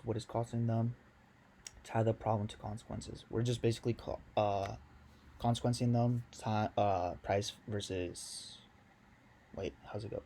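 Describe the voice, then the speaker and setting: A young man coaches sales in a loose, slangy video lesson, talking straight to his viewers. His voice sits fairly low and has a dark, mellow tone. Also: a little hiss or hum.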